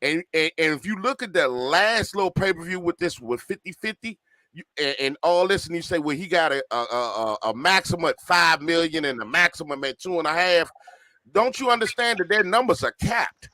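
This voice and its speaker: Podcast host, male, high bright voice, animated, argumentative, studio mic. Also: fairly quick, no echo. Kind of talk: heated casual debate.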